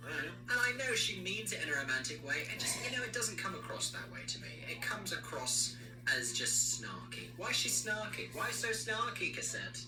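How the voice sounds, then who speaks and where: A man riffs with biting sarcasm, sliding into quick mocking impressions as he goes. His voice rings in a roomy space, a bit away from the mic. Music plays clearly underneath. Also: high voice. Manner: sarcastic, animated, mimics characters mid-sentence. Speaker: podcast host. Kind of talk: opinionated casual commentary. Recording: roomy echo, distant mic, music behind.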